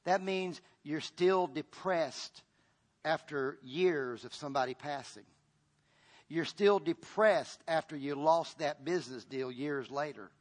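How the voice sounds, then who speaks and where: A fairly high-voiced man preaching a sermon, his delivery swinging from loud, pressing lines to hushed ones. He repeats himself and restarts phrases in full pastor mode. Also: slow.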